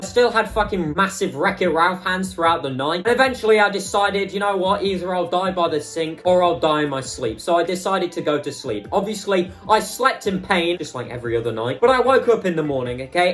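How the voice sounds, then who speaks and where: Animated young man, high voice. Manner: swears constantly, animated, checks in with "okay?". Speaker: channel host. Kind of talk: comic storytime monologue.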